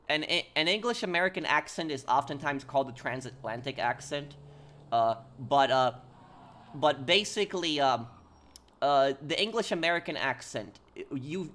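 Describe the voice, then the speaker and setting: A man's voice: a little high, bright, forceful tone. A man streaming a game live, chatting casually with viewers and answering their messages, often stopping and repeating words. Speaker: gaming streamer.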